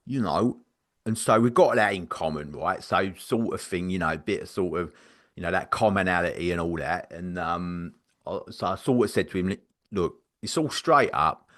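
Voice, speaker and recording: A man's voice: low voice, normal speed. A man, co-hosting a podcast, telling a story casually with lots of fillers. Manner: rambling, filler-heavy, laughs while telling. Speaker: podcast co-host.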